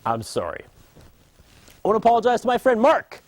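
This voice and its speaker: A man's voice: high-pitched, wildly swooping pitch, a little fast, no echo. A man in his thirties delivering a sarcastic, mock-apologetic comedy monologue as host.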